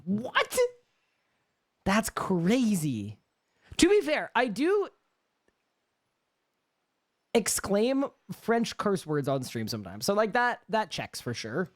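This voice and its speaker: A man's voice: high-pitched, huge pitch swings, slow, long pauses. A young man with a Canadian accent, chatting casually on a live gaming stream and answering chat questions.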